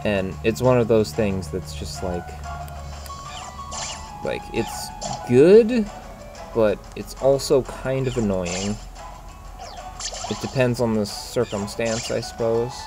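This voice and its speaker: A man's voice: fairly low pitch, unhurried, music in the background. Chatty man playing a video game. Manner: chatty, offhand. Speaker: let's player. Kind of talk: casual gameplay commentary.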